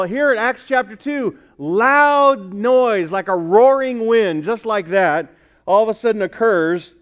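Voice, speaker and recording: A man's voice: high voice, highs cut off. A male pastor preaching a sermon in a conversational way, asking the congregation questions as he goes.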